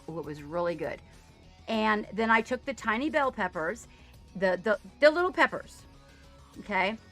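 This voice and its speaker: Bubbly, bright-voiced woman streamer. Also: a little high. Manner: bubbly, chatty, laughs at herself. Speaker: streamer chatting with viewers. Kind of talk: casual live-stream chat. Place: home studio.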